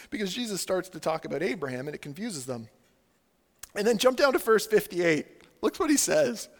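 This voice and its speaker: A man preaching a sermon in a casual, animated way, peppering his talk with "like" and acting out the voices of the people he quotes. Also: high voice, a little fast, big-room sound. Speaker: pastor.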